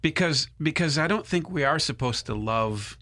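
A man's voice: a little high, expressive, moderate pace, pushed and bright, no room sound, studio quality. A man hosting a casual conversation, asking questions and reflecting aloud, often repeating words as he thinks.

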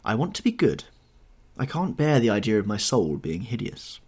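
A man voicing an impassioned, self-absorbed young English gentleman in an audiobook reading, with a husky tone and heightened emotional delivery. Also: on the low side, very animated, normal speed. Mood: earnest.

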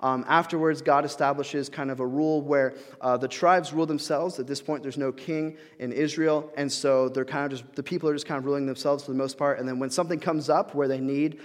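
A man's voice: on the high side, steady tone, a little fast, hardly any pauses. Casual young male preacher in a reverberant hall. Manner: casual, frequent fillers and restarts, acts out quoted voices. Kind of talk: conversational sermon.

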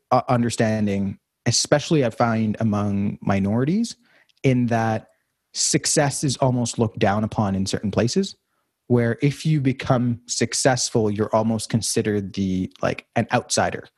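A young man with a slightly husky voice talks in a loose, reflective way, circling back and restarting his sentences. The sound is dry and close, with almost no room around it. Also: mid-range voice, normal speed, a little mellow, no room sound. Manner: rambling, reflective, many fillers and restarts. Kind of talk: casual conversation.

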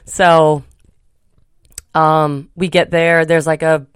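A woman's voice: low-pitched, level tone, slow pace, smooth, no echo, studio quality. A woman co-hosting a podcast, telling a travel story in a chatty, rambling way with many fillers. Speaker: podcast co-host. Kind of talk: casual chat.

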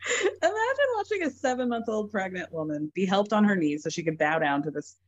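A woman's voice: mid-range voice, sing-song, a little fast. A woman co-hosting a podcast, chatting in a gossipy, incredulous way. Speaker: podcast co-host. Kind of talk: casual chat. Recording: dull lo-fi sound.

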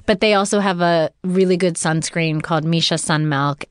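A woman's voice: on the low side, moderate pace, clean tone, no room sound, studio quality. A woman guest chatting casually, telling stories with lots of fillers and frequent laughs. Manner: laughs often, lively storytelling with fillers. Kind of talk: casual chat.

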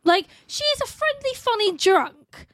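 A blunt, sweary woman joking through a casual podcast chat. Her voice is very high and bright, moving through a lively range, and it sits close and dry on the mic. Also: unhurried, no room sound.

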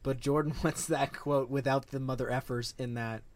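A young man co-hosting a casual podcast chat, quick and animated, turning to mock outrage when teased. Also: mid-range voice, a loud crowd. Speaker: podcast co-host.

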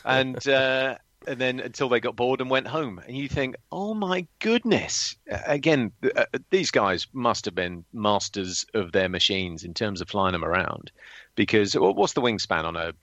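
A low-voiced man tells a story in a relaxed chat and stumbles over the starts of words. The recording is very dry and slightly dull. There is no room sound at all. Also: moderate pace, no echo. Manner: animated storyteller, restarts words.

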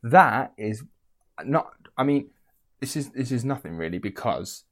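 A man's voice: medium pitch, animated, measured pace, a bit bright. A man co-hosting a podcast, chatting casually and animatedly retelling film scenes, with some swearing. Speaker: podcast co-host. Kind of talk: casual chat.

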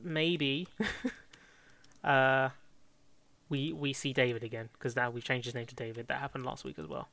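Bright-voiced man, rambling. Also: mid-range voice, steady tone, a little slow, long pauses, dry recording. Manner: rambling, self-correcting, laughs often. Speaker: fan script co-writer. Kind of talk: casual planning chat.

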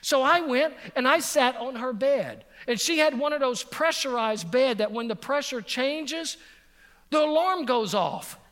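Man, pastor, high voice, emphatic sermon, repeats lines for effect, long hall reverb. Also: unhurried. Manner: emphatic, repeats phrases for effect, drops to a soft voice on key points. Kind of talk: sermon with personal storytelling.

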